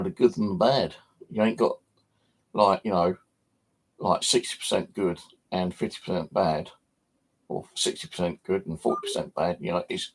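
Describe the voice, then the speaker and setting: Husky low-voiced man rambling. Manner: rambling, many fillers, swears casually. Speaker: paranormal channel host. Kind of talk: casual livestream chat.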